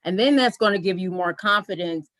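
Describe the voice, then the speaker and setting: Woman giving brisk motivational advice. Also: lowish voice, a bit bright, no echo, poor audio. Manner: brisk, encouraging, lists steps. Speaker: panelist.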